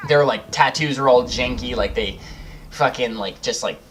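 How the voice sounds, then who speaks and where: A man's voice: mid-range voice, normal speed, a bit bright, soft background music. A young man hosting a gaming video, rambling through a personal story, swearing freely and laughing as he goes. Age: young adult. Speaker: gaming channel host. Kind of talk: casual storytelling over gameplay.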